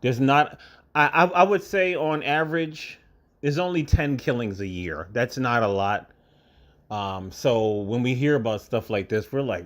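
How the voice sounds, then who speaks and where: A man from New York State talking straight to camera in a casual monologue, emotional and halting, holding back tears and repeating his words. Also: medium pitch. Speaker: vlogger.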